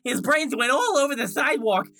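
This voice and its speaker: A woman's voice: high-pitched, creaky, a little hiss or hum, pitched above the performer's own voice, exaggerated voice. A woman doing a giddy, starstruck eccentric guy. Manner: gushing, excitable, slightly drawn-out words.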